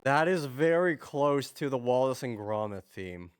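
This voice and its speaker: Male streamer, mid-pitched, muttering self-talk at his desk, thoughts trail off and restart. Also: animated, measured pace, background noise. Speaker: streamer writing music. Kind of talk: casual thinking aloud while working.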